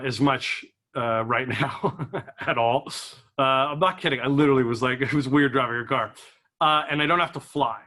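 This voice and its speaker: A man's voice: a little high, sharp tone. A young man doing stand-up, telling stories, acting out voices and laughing at his own jokes. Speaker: stand-up comedian. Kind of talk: stand-up comedy storytelling.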